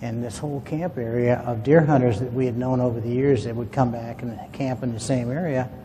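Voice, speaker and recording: A man with a dark, mellow voice spins a rambling, folksy anecdote for a small group. His voice carries a long echo, as if the room is large, with a faint hiss underneath. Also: medium pitch, steady tone, brisk. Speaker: UFO witness telling his story. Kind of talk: casual spoken storytelling to a group.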